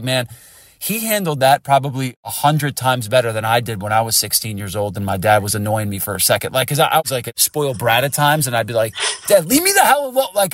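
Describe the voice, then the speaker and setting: Fast-talking man, dry close sound. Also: mid-range voice, no room sound. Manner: rambling, candid storytelling. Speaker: podcast host. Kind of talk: casual conversation.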